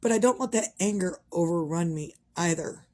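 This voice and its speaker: A woman's voice: on the low side, normal speed, a little mellow. A middle-aged woman, talking frankly in a rambling, casual monologue and swearing freely. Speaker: vlogger.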